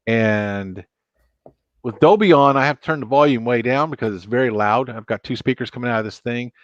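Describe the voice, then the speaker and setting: A man's voice: medium pitch, a little fast, no room sound. A man hosting a casual late-night live stream on a laptop mic, joking around and reading out viewer comments. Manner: jokey, keeps reading out viewer chat and counts. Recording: dry, dull lo-fi sound.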